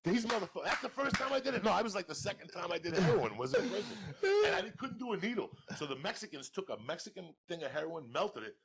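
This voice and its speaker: A middle-aged man telling crude, profane comic stories on a podcast, loud and laughing, jumping from shouts to low mutters. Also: very animated, fast talker, gravelly, hardly any pauses, background noise. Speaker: podcast guest storyteller. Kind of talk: profane comedic storytelling.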